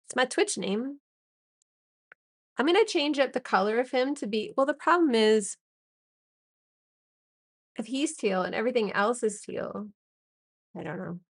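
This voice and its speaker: A woman's voice: fairly high pitch, animated, unhurried, pauses often, no echo, studio quality. A woman streaming while she draws, chatting casually and joking with her chat as she thanks viewers. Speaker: streamer and artist.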